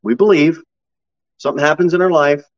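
A man preaching a sermon as pastor, swinging from low, quiet asides to high, ringing exclamations. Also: steady tone, a little fast, dull audio.

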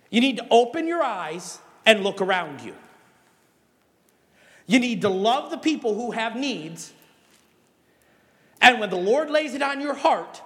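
A Midwestern pastor with a notably high voice preaches to his congregation. He tells animated stories, then drives home his points with emphatic exhortations. His voice carries with a long reverb, as if filling a large church hall. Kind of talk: sermon.

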